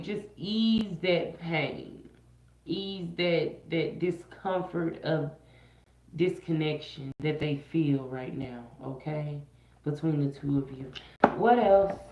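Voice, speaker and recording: Woman, lower voice, casual tarot livestream reader, slangy and repetitive; echoey room, muffled lo-fi mic. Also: takes it slowly, darkish tone. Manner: chatty and slangy, repeats phrases, sometimes half-sings.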